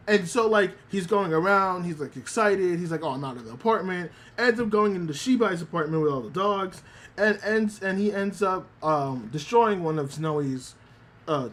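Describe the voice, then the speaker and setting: A man streaming live, chatting casually with his chat and retelling an anime episode, with many restarts and some swearing. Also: high-pitched. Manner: talks to chat directly.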